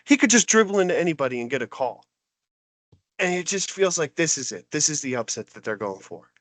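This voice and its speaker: A man's voice: on the high side, fairly quick, no echo. A man co-hosting a podcast, delivering a heated, exasperated sports rant. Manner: exasperated, animated ranting. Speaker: podcast co-host.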